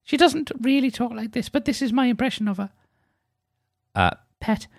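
A man putting on a high, sing-song northeast English woman's voice as a comic impression. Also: moderate pace, vocal fry, dry recording, clean studio sound, heavily acted. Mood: playful.

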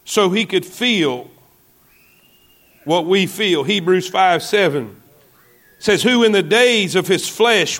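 A man's voice: high voice, a bit bright. A man preaching a sermon as pastor, reading scripture and turning to the congregation with asides and questions.

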